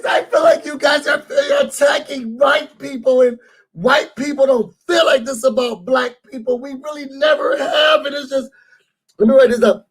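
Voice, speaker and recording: A man doing a mocking impression of a flustered, indignant woman in a high, breathless voice. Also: moderate pace, poor audio.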